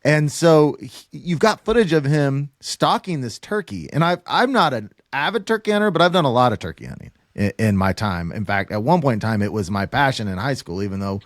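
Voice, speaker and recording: A man's voice: medium pitch, lively intonation, a little fast, hardly any pauses, no echo. Earnest man hosting a podcast, dry sound. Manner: earnest, conversational, addresses listeners directly. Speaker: podcast host. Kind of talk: casual podcast interview.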